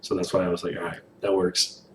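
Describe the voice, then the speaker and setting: A young man in casual reaction commentary while painting, animated, rambling and swearing a lot, recorded on a distant mic in an echoey room with faint hiss. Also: low-pitched, fast talker. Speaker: reaction video host.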